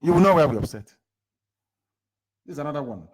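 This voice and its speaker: A man with a Nigerian accent giving an impassioned live political address to followers. He is emphatic, fires rhetorical questions at his listeners, and swings between loud bursts and low asides. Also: expressive, fast talker, husky. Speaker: movement leader.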